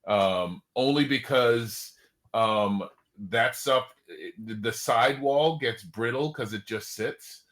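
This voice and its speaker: A man's voice: medium pitch, slow, fairly bright tone. Man, host, casual chat, rambling, video call. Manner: chatty, rambling with restarts.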